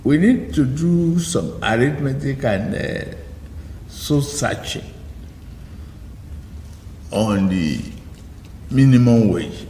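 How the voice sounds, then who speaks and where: A man, a politician, giving a slow, deliberate public speech. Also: medium pitch, lively intonation, warm tone, slight background noise. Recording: echoey hall, distant mic.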